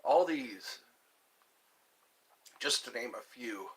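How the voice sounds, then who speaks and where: Man, solo live stream host, unhurried rambling delivery, bright tone. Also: medium pitch, expressive. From United States. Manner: slow, meandering musings that answer viewer chat.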